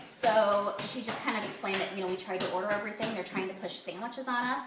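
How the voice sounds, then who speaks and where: Fast-talking mom telling a story. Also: female voice, medium pitch. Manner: fast, re-enacts quoted dialogue. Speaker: mother recounting a restaurant incident. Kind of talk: animated family storytelling. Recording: roomy, from a distance, faint background hum.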